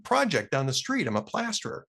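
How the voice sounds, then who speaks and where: A man voicing a wisecracking male duck in a bar joke, speaking matter-of-factly and slightly higher than his own voice. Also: huge pitch swings, fairly quick, creaky, a bit bright, breathy edge, heavily acted.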